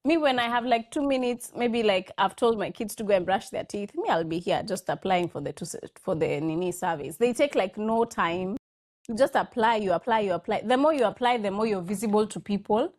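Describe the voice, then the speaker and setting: A woman in her thirties, speaking as a guest in a relaxed conversation. She talks in a chatty, storytelling way and acts out the lines other people said. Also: medium pitch, a little fast. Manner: chatty anecdotal storytelling, acting out quoted lines. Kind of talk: casual chat.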